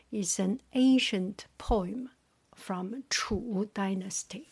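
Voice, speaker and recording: A woman teaching Mandarin tones in a slow lesson, repeating each word softly, often in a whisper, and then giving its English meaning. She is patient and deliberate. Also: mid-range voice, breathy edge. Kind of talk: slow tone-drill lesson, reading word pairs.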